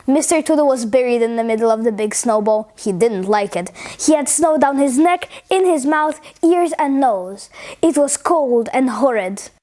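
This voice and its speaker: A woman reading a funny children's story aloud in an expressive, playful way. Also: high voice.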